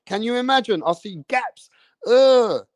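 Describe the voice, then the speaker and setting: A man, hosting a live stream, telling rambling stories in an animated way, swearing often and tagging lines with "bruv". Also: fairly high pitch, moderate pace, dry recording, studio quality. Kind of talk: rambling storytelling.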